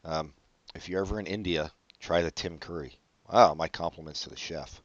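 Speaking at a moderate pace in a deep, steady voice, a man co-hosts a laid-back late-night podcast, rambling and tossing out jokes and puns. There's no echo, and the sound is dull, dry, and lo-fi.

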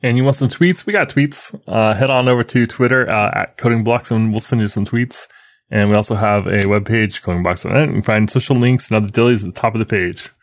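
A man's voice: on the low side, brisk. A man co-hosting a podcast, talking in a teasing, jokey way. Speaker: podcast co-host. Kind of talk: casual podcast chat.

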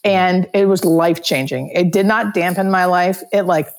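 A woman's voice: fairly low pitch, fairly even intonation, moderate pace. A woman guest on a podcast who works as a nurse, talking in a chatty, self-mocking way. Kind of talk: casual interview chat.

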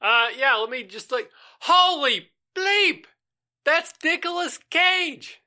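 A man voicing two excitable young male fast food cooks in a put-on accent, shouting back and forth in the kitchen. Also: high voice, pitched above the performer's own voice, heavily acted. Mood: excited.

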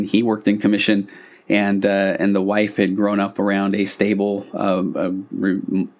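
A man with a fairly low voice talks through a podcast episode on his own. He is a couples therapist who reads quotations and then explains them in a relaxed, reflective way, often stopping for asides. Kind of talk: casual solo podcast talk.

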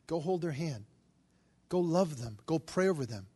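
A middle-aged man preaching and telling a story in an animated way, acting out the voices of the people in it. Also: a little high, normal speed, husky. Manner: animated, acts out quoted voices. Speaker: Catholic charismatic preacher. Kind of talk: storytelling sermon.

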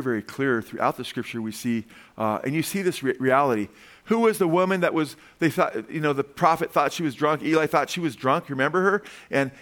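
Guy pastor preaching, lively storyteller, tosses in asides and little chuckles. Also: mid-range voice. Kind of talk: sermon.

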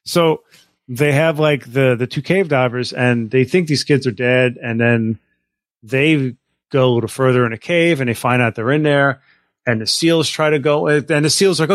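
A man with a mid-range voice tells a story on a casual podcast. He talks in a lively, excited way, swears freely and often restarts his sentences. The sound is dry and close, with no room sound. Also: mid-range voice, moderate pace, no room sound. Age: adult, married. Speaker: podcast co-host. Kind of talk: casual chat.

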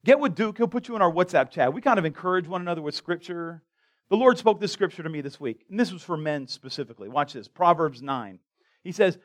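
A man's voice: a little high, animated, fairly quick. A man pastor preaching a conversational sermon to his congregation, often restarting his sentences and joking with the crowd. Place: church sanctuary.

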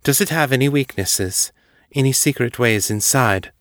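A man's voice: mid-range voice, moderate pace, a bit bright, no echo, studio quality, pitched above the performer's own voice, natural voice. A man voicing a determined woman vampire and mother, tense and demanding.

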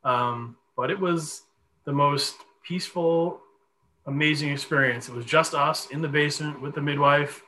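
Man, forties, podcast guest, animated storyteller, bright voice, faint background noise. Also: a little high, normal speed, low-quality recording. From Connecticut. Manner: animated, chatty storyteller with many fillers.

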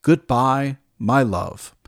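A man's voice: medium pitch, extremely slow, creaky, dry recording, clean studio sound. A man voicing a lovesick, sorrowful nymph. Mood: longing. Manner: repeats others' last words. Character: lovesick young mountain nymph, woman, sorrowful.

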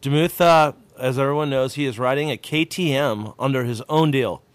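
A man co-hosting a casual motocross podcast, talking bluntly and getting loud when riled. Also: mid-range voice, fairly quick, no room sound. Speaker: podcast co-host. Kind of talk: casual chat.

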